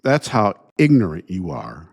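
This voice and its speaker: A man hosting his own show, ranting indignantly in a halting way, restarting phrases and sighing between thoughts. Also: low voice, wildly swooping pitch, creaky, breathy edge. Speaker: podcast host. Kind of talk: solo opinion rant.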